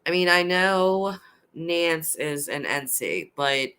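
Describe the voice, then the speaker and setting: Low, bright-toned woman chatting on a live stream. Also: expressive, clean tone. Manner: chatty and rambling, heavy on "like", quick to laugh. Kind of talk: casual late-night live-stream chat with viewers.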